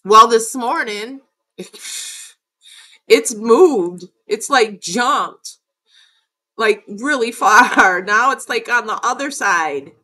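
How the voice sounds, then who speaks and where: A woman's voice: on the high side, lively intonation, very slow, long pauses, pushed and bright. A middle-aged woman narrating her own footage in a casual vlog. She talks in a rambling, emphatic way and curses often. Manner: rambling and emphatic, with frequent cursing. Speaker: video creator.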